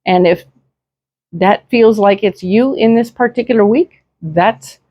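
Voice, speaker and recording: A woman's voice: mid-range voice, measured pace, no room sound, muffled recording. Chatty woman giving a tarot reading. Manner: chatty, reassuring, many fillers and tag questions. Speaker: tarot reader. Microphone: desk microphone.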